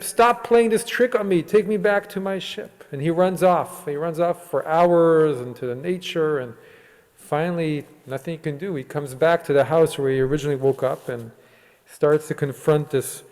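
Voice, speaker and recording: A male rabbi giving a sermon in a synagogue sanctuary, retelling a story and voicing its dialogue. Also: a little high. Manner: retells a story with quoted dialogue, lively and unhurried. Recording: long hall reverb.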